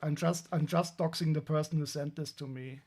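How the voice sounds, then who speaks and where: A man's voice: a little high, steady tone, fairly quick, darkish tone, a little hiss or hum. German-accented man chatting on a stream. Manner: wry, rambling, many restarts and fillers. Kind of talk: casual live-stream chat while unboxing.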